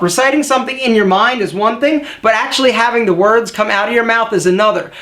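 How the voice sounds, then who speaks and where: A man, a style vlogger giving energetic advice straight to the camera and acting out quotes in shifting voices. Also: high voice.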